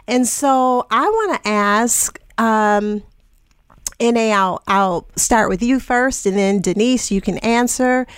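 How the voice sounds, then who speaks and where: A woman's voice: on the high side, takes it slowly, smooth, no echo. A woman hosting a podcast in a studio, introducing her guests with enthusiasm and chatting casually. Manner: enthusiastic, effusive. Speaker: podcast host. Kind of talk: upbeat show introduction and casual chat.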